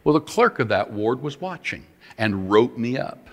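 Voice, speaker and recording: A middle-aged man preaching a sermon, telling a story in an animated, emphatic way. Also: medium pitch, moderate pace. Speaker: pastor. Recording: long hall reverb.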